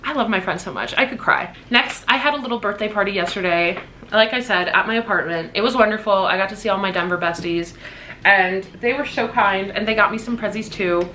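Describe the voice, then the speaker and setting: Bright, gushing young woman vlogger. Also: medium pitch, brisk, a little hiss or hum. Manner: gushing, excitable, swears casually. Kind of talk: casual birthday haul vlog.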